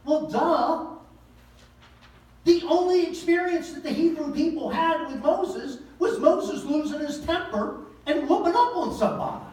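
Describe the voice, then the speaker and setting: A man's voice: extremely high pitch, a little slow, darkish tone. A male pastor preaching a sermon in a folksy, conversational way, with slang and pointed rhetorical questions. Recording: echoey room, voice from far off.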